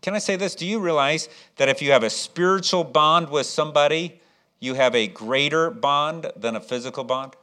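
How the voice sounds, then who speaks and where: A man's voice: on the high side, normal speed, pushed and bright. A man preaching a sermon as pastor, with frequent restarts, rhetorical questions and rising emphasis.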